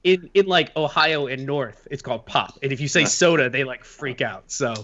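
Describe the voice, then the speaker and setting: A man's voice: medium pitch, normal speed, fairly bright tone. A chatty, teasing man co-hosts a casual podcast with a mid-range voice. His voice comes through dull, muffled call audio. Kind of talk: casual panel chat.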